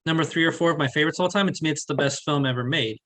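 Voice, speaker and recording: An eager man talks through a film he loves in a casual review chat. His voice is bright and sits a bit high, and his delivery stays full of enthusiasm. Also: racing. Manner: enthusiastic, keeps saying "to me". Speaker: film review show host.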